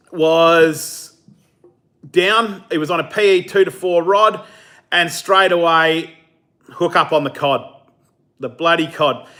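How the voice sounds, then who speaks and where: Bright-voiced man chatting on a live stream. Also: fairly high pitch. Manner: casual, chatty, laughs easily, many fillers. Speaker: fishing channel host. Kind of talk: live stream chat answering viewer comments.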